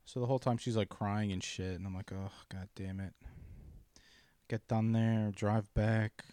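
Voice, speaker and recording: A man in casual chat, ranting profanely about his bad day, dropping to mumbles and then yelling. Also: fairly low pitch, steady tone, normal speed, dry recording.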